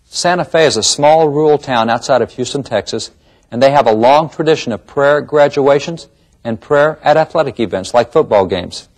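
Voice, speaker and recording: A man's voice: mid-range voice, moderate pace, a little mellow. A man presenting a history lecture series in an emphatic, rhetorical manner with pointed questions. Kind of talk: documentary lecture.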